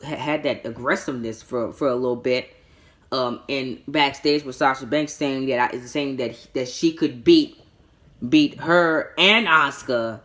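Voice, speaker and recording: A man's voice: a little high, fairly bright tone. A man giving a casual spoken show review, rambling with frequent stammered restarts and repeated words, and breaking into exasperated mini-rants.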